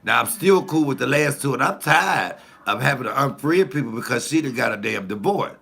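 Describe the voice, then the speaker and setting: Gravelly, bright-voiced man telling stories. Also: medium pitch, a little fast, few pauses. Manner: profane, animated, confiding. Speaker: comedian and channel host. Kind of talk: casual storytelling to camera.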